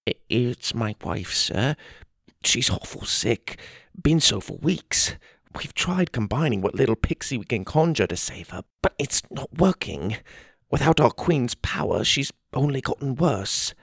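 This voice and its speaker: A man's voice: medium pitch, animated, a little slow, gravelly, fairly bright tone, slightly rough, no echo, clean studio sound, exaggerated voice. A man voicing a humble, frightened fairy man who pleads for help for his sick wife, in a shaky voice. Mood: pleading.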